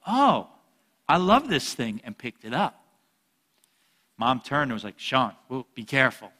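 A man preaching a sermon, a lively storyteller with jokes who swings between loud and soft. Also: medium pitch, long reverb tail. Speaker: pastor.

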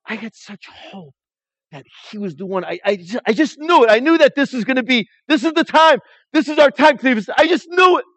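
A man voicing an anxious, excited disciple who keeps asking astonished questions in a high, rising voice. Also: moderate pace, vocal fry, husky, no room sound, heavily acted. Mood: despairing. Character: anxious excited male disciple, grieving and doubtful.

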